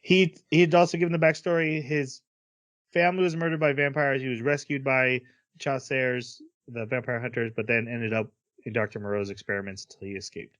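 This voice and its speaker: A man's voice: mid-range voice, little pitch movement, a bit bright, no echo. A man co-hosting a casual podcast, rambling through an anime episode recap and briefly acting out the characters' lines. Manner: rambling recap with quick acted-out character quotes. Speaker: podcast co-host.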